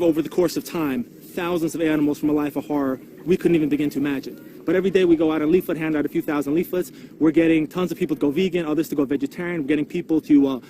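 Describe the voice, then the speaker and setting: A man's voice: fairly high pitch, background noise. A male activist in a documentary interview, talking earnestly and urging listeners to take action. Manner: earnest, rallying, motivational. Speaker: street activist and father.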